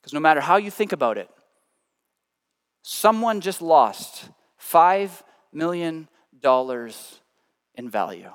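A man preaching a sermon, telling stories with animation and swinging between loud emphasis and hushed, quiet lines. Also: sits high, expressive, moderate pace, big-room sound. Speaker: pastor.

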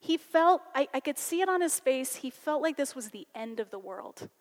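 Woman speaker telling a story from the pulpit, kinda high voice, lots of "like", big reverb. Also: moderate pace. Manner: animated, conversational storytelling with many "like"s. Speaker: college teacher and speaker. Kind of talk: personal story in a sermon.

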